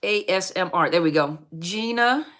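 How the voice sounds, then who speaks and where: A middle-aged woman hosts a live Q&A stream on narcissistic abuse, cheerfully greeting viewers by name and laughing often. Her voice is fairly low and fairly bright, at a normal speed.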